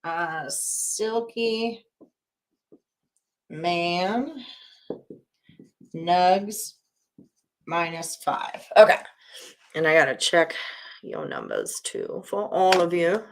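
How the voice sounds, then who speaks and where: A woman's voice: lowish voice, expressive, extremely slow, pauses often. A woman hosting a casual live-stream sports betting show, chatting to viewers in an upbeat, teasing way as she rattles off names and scores.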